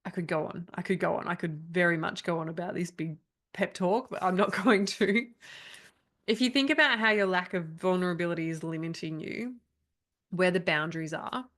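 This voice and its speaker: A woman's voice: fairly low pitch, steady tone, normal speed, fairly bright tone. A woman, leading an online coaching workshop in a candid, chatty way with frequent laughs. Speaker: trauma coach. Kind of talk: live online workshop talk.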